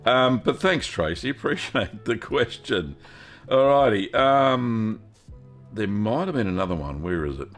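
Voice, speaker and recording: A man's voice: fairly low pitch, expressive, measured pace, fairly bright tone, faint music behind. An Australian man hosting a live Q&A stream, chatting casually in a folksy way, greeting viewers by name and filling gaps with ums and uhs. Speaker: host of a cheese-making livestream.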